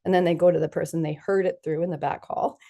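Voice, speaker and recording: A woman's voice: lowish voice, fairly even intonation, quick pace, creaky, mellow. A woman physician talking as a podcast guest, animatedly acting out the dialogue she quotes. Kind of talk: conversational podcast interview.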